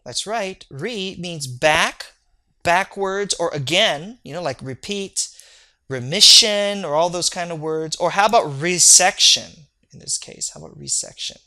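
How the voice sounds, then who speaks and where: A lecturer giving a recorded online lecture on medical terms, energetic and joking, often checking in with the listener. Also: mid-range voice, unhurried. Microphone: recorded video lecture.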